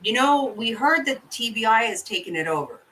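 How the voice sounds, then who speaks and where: A woman's voice: on the high side, expressive, a little fast, sharp tone, far from the mic, rough recording. A woman hosting a live stream, chatting casually with her viewers in a blunt, profane way and laughing easily. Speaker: livestream host. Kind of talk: casual chat reacting to viewer comments.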